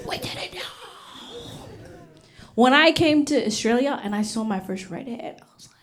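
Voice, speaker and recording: Animated young woman comedian from Uganda. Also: high-pitched, slow, long pauses, slight background noise. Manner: animated, acts out voices, drops to whispers for punchlines. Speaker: stand-up comedian. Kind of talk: stand-up comedy storytelling. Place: comedy stage before a live audience.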